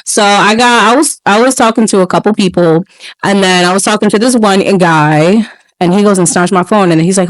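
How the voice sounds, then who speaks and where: A woman's voice: mid-range voice, a little fast, dry recording, poor audio. A young woman co-hosting a casual chat show, telling stories with swearing and acting out the voices of others. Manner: animated storyteller, acts out voices, swears freely. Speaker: podcast co-host.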